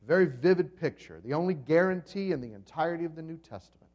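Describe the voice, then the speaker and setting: A pastor preaching a sermon to his congregation, telling the story vividly, swinging between loud and soft, and asking the listeners questions. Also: fairly high pitch, animated, fast talker, dull audio, faint music behind. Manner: dramatic storytelling with swings in volume.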